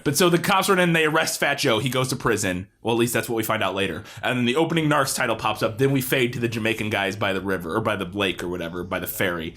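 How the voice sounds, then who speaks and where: A man's voice: fairly low pitch, quick pace, hardly any pauses, fairly bright tone. A man co-hosting a podcast, recapping a film in casual chat with swearing and laughter. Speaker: podcast co-host. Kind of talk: casual movie-review chat.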